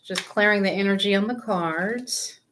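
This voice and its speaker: A woman's voice: medium pitch, moderate pace, very noisy. A woman tarot reader on a live stream, chatting casually with viewers, greeting them by name and laughing often.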